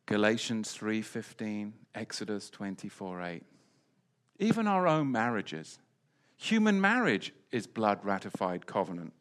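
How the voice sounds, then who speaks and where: A man's voice: fairly low pitch, big pitch swings, unhurried. A man preaching a Bible lesson in an emphatic way, often repeating key phrases. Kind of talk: Bible teaching.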